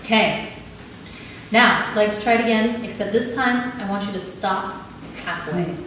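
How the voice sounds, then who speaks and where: A woman leading a live audience through body exercises in a calm, instructive way, laughing easily. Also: mid-range voice, moderate pace. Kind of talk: live talk with guided exercises. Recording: echoey hall, mic at a distance, audible background noise.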